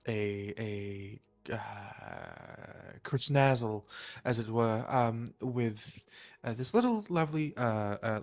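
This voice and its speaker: A man playing his character in a tabletop game, talking in a flustered, rambling way with many fillers. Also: medium pitch. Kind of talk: in-character tabletop role-play.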